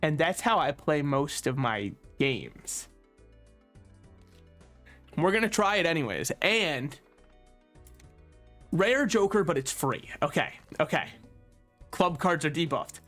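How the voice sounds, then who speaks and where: Joking gaming host man, slightly high voice. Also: big pitch swings, slow pace, long pauses, fairly bright tone, soft background music. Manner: joking, self-deprecating, talks to the game. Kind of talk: casual gameplay commentary.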